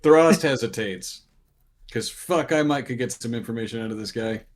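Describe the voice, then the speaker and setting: A man's voice: medium pitch, animated, normal speed. Casual man playing a tabletop game. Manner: casual, swearing freely. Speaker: player.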